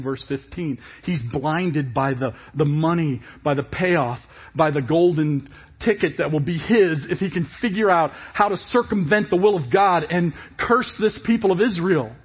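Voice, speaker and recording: A male pastor preaching a sermon in an animated way, asking many rhetorical questions. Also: on the high side, husky, highs cut off.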